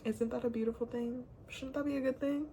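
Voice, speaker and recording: A young woman talking candidly to camera in a rambling, confessional way, now and then dropping to a hushed whisper. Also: a little high, steady tone, fairly quick, a little hiss or hum. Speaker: vlogger. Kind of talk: candid personal talk to camera.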